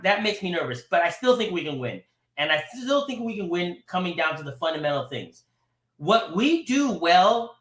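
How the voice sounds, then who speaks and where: A man calling in to a sports show, rambling and animated, often laughing as he talks. His voice is high and bright, and it rings in an echoey room. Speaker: caller. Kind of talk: casual sports talk.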